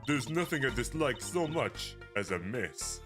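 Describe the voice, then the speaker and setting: A man voicing an intimidating older woman who heads a crime family, speaking in a low, husky, menacing tone with a put-on Russian accent. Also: big pitch swings, unhurried, over music.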